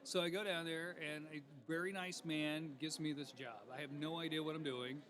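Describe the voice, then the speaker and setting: A man telling stories in a casual interview, with a bright, forceful tone and a voice pitched a little higher than most men's. He tells his tale in a lively, animated way and acts out the people in it. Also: normal speed. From Alabama. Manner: lively, animated storyteller who acts out callers. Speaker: TV morning news personality, guest. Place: expo event.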